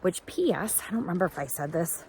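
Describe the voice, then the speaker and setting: A woman with a lowish, darkish, expressive voice talks quickly and giggles as she tells the camera about her hike. She's a thru-hiker vlogger chatting casually outdoors beside a waterfall and creek, and the recording is noisy.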